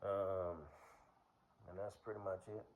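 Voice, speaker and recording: This is a man with a somewhat low voice, talking on his own in a loose, rambling monologue. He meanders from point to point, leaning on fillers and clearing his throat now and then. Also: flat delivery, a little slow, a little mellow. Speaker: vlogger.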